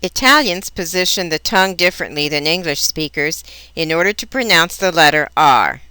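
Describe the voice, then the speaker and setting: A woman teaching a language lesson in scripted narration, pronouncing each example word slowly and carefully. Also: on the low side, lively intonation, bright, forceful tone, smooth, no room sound. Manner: slow, careful, precise enunciation of example words.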